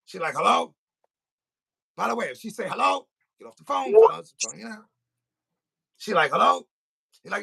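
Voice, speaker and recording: A man's voice: high voice, very animated, brisk, creaky, long pauses, sharp tone, slightly rough. A man hosting a podcast, telling a comic story in a rant and acting out both sides of a phone call. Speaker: podcast host. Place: recording studio.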